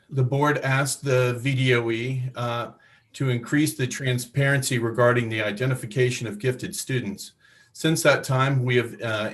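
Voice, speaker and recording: A man presents revised regulations to a board, reading prepared remarks in a formal tone at mid pitch. Occasional fillers break up his delivery. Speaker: education department staff presenter.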